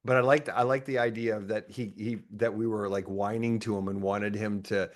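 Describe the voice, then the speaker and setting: A man hosting a podcast in a casual, conversational interview. He is animated and often laughs. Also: fairly low pitch, moderate pace. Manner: animated, playfully acts out imagined dialogue; frequent restarts and laughter. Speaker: podcast host.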